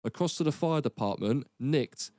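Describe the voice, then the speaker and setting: A man, an army veteran guest telling rapid, sweary, laughing anecdotes in a casual podcast chat. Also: mid-range voice, expressive, mellow, no room sound, clean studio sound.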